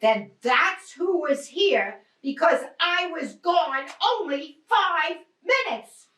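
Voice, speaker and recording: An actress playing a frazzled city wife whose home was just robbed, snapping back with sharp, exasperated retorts in a stage play. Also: female voice, high-pitched, lively intonation, takes it slowly, heavily acted. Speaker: stage actor. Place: theatre stage. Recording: roomy stage sound from a distant mic.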